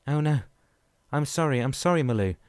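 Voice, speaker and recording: Impulsive jovial husband, voiced by a male reader, shouty and blunt, dry sound. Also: lowish voice, quick pace, no echo, natural voice. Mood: agitated. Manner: loud, blurting.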